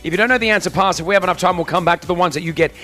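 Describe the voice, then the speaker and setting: A man hosting a live morning radio show, teasing his co-host and running a quiz at a brisk pace. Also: high-pitched, sharp tone, soft background music. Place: hotel venue for a live broadcast.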